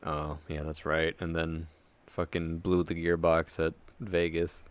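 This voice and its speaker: A young man co-hosting a casual racing podcast chat, tired from little sleep, relaxed and swearing freely. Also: deep voice, unhurried, clear, resonant tone. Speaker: podcast co-host.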